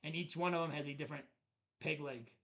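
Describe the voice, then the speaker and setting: A man's voice: on the high side, fast, fairly bright tone. A man co-hosting a board game review, chatting casually as he shows the cards and chuckles at the puns. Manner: chatty, laughs at the card puns. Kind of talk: casual show-and-tell review.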